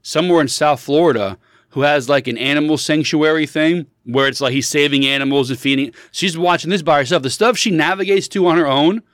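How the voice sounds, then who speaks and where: A man's voice: a little high, fairly quick, a bit bright, dry recording, clean studio sound. A man in his thirties chatting casually as a podcast co-host, telling stories animatedly and acting out quotes in shifting voices. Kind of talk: casual chat.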